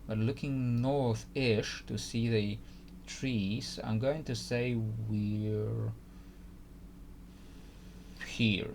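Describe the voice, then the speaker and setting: A man's voice: mid-range voice, steady tone, extremely slow, creaky, long pauses, darkish tone, a little hiss or hum. A man giving casual gameplay commentary, hesitant and thinking aloud with frequent restarts. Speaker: gaming YouTuber.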